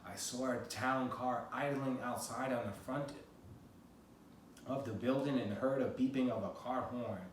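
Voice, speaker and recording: Man, memoir reading, mid pitch, distant mic, very echoey room. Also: fairly even intonation, unhurried, a little hiss or hum. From United States. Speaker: memoir author reading aloud.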